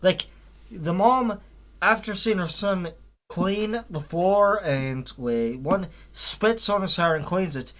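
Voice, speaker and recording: A man's voice: high voice, takes it slowly, a bit bright. A young man giving a casual, rambling spoken review of a cartoon series, with frequent fillers, restarts and blunt swearing.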